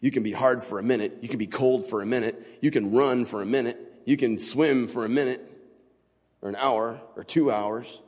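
As a guest speaker at a church, a man gives an informal sermon that is loose, plain-spoken and conversational rather than polished. His medium-pitched voice is slightly husky, breathy and a little mellow, at a moderate pace. A long reverb rings through the large sanctuary.

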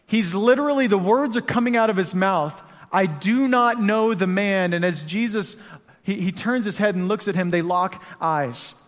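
In a church hall with a long reverb, a pastor preaches a sermon in a high voice at normal speed. He keeps it conversational, putting rhetorical questions to the congregation.

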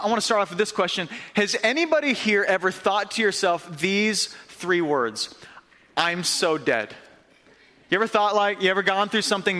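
A young man gives a sermon in a church hall with long reverb. His voice sits high and sounds bright and forceful. He tells his story in a lively, conversational way. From upstate New York. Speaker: pastor.

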